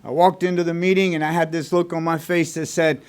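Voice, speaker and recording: Profane, fast-talking man from Texas. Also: a little high, flat delivery, smooth. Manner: blunt, profane, fast-moving storytelling. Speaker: recovery meeting speaker. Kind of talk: personal recovery story told to a meeting. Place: recovery group meeting room.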